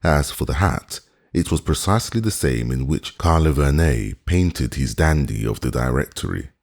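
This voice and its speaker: Male audiobook narrator, very deep voice with a husky edge, lively and expressive. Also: normal speed. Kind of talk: scripted narration of a classic novel.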